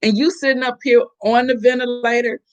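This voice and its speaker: A middle-aged woman hosting a casual live chat, animated and chatty as she reacts to viewer comments. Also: a little high, fairly quick. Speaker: host.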